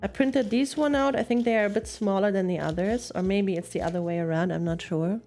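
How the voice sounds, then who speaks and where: A woman's voice: medium pitch, a little fast, darkish tone, soft background music. A young woman streaming while she crafts, chatting casually in a rambling way, giggling often and telling puns.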